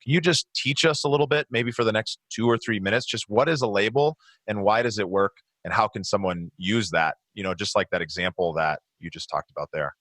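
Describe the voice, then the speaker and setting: Man, podcast host, encouraging interviewer, fairly low voice, dry sound. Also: fairly quick, hardly any pauses, a bit bright, no room sound.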